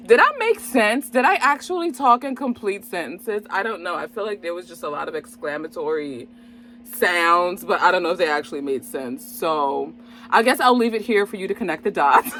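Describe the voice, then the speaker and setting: An exuberant woman reviews a movie straight to camera in a loose, chatty way. Her voice is bright and forceful, and she bursts into exclamations and laughter often. She talks to her viewers directly throughout. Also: mid-range voice, animated, moderate pace, slight background noise. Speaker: movie reviewer and channel host.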